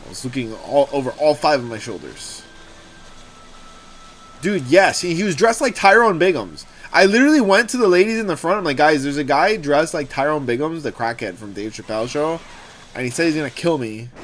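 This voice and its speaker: A young man hosting a gaming livestream, talking casually and telling rambling, animated stories with swearing. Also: a little high, fairly quick, a little hiss or hum. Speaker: streamer host.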